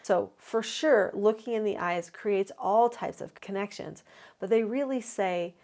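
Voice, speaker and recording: A woman, a parenting educator, giving an instructional talk to camera. She explains her advice clearly and methodically, counting down numbered tips in an earnest, encouraging way. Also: mid-range voice, measured pace, a little mellow.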